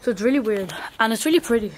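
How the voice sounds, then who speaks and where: Young woman, casual travel vlog, higher voice, chatty and excitable, handheld camera outdoors, noisy wind-blown audio. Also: rapid-fire. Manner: chatty, excitable, lots of "like" and "guys". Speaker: vlogger. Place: outdoors on a hot hillside and beach.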